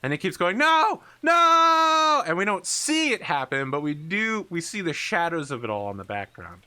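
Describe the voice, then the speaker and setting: A man in his thirties narrating a tabletop war game as game master, animated and lively. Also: fairly high pitch, a little fast. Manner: animated, shouts radio chatter of pilots.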